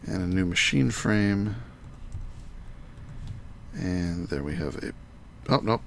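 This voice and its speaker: Low, gravelly man gaming live. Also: lively intonation, slow, long pauses, a bit bright, slight background noise. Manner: muttering to himself as he works, chatting to viewers. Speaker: live-streaming gamer. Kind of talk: thinking aloud while playing a game live.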